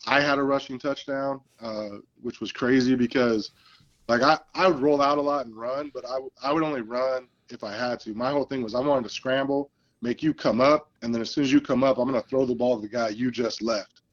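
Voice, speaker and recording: A man's voice: mid-range voice, fairly quick, highs cut off. A man, a guest and football coach, telling stories in a casual interview and acting out the lines people said. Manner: animated storyteller, acts out quoted lines.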